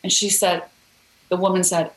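A woman's voice: on the low side, flat delivery, moderate pace, reverberant, rough recording. A woman guest author telling a story in a podcast interview, earnest and encouraging.

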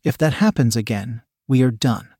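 A cool, controlled woman gives orders in a hushed, even voice, as a male narrator puts her on. The sound is dry and close, with no room around it. The voice sits at an ordinary middle pitch. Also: moderate pace, slightly rough, no room sound, close to an everyday voice. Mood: commanding. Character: commanding dominant young woman.

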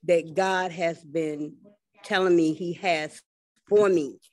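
A guest speaking earnestly and haltingly about faith and gratitude in a casual chat. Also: medium pitch, fairly even intonation.

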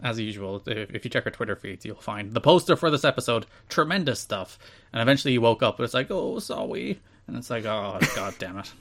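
A man's voice: mid-range voice, quick pace, a bit bright. Boastful, teasing male podcast host. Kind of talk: casual chat.

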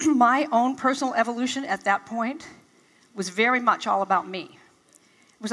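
A woman's voice: on the high side, a little fast, fairly bright tone. An older woman giving a motivational talk to a live audience, telling stories and acting out her own past reactions with animation. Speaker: motivational speaker. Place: large event hall. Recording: reverberant hall.

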